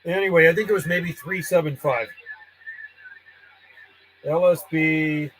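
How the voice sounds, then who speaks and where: Man, radio hobbyist, higher voice, easygoing rambling on-air chat. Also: steady tone, measured pace, fairly bright tone, a little hiss or hum, low-quality recording. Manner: rambling and friendly, chatting to callers while logging contacts. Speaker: ham radio operator.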